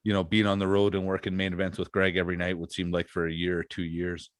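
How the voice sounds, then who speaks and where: A man's voice: sits low, completely flat delivery, quick pace, no echo. A man hosting a podcast, chatting casually and telling stories with lots of fillers. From Canada. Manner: laid-back storytelling with frequent fillers. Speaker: podcast host. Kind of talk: casual chat.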